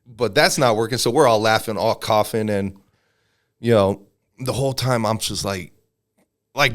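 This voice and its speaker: Guesting on a podcast, an army veteran and MMA fighter of roughly forty spins casual stories, his low voice moving at normal speed with frequent pauses. He's laid-back, but plays the people he quotes in louder voices.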